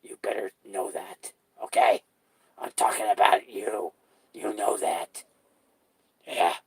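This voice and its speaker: A man voicing a menacing male clown who drags out his words and sinks into low threats and whispers. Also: fairly even intonation, gravelly, husky, heavily acted. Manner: slow, drawn-out, threatening, drops to a whisper.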